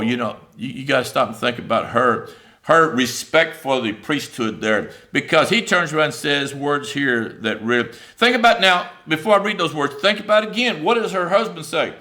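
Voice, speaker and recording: A man preaching a sermon in a conversational, animated way, with many fillers, reading scripture aloud and paraphrasing it. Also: mid-range voice, normal speed.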